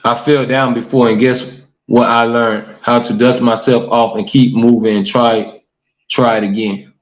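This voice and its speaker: On a casual livestream talk show recorded through a livestream mic, the audio is dull and lo-fi in an echoey room. The host's medium-pitched voice is flat and a little slow as he reads comments and preaches earnestly, often saying "man" and "y'all."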